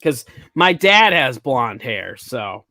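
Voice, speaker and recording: A man's voice: medium pitch, sing-song, slow, pushed and bright, no room sound. A man hosting a comedy podcast, riffing on jokes in casual chat and laughing often.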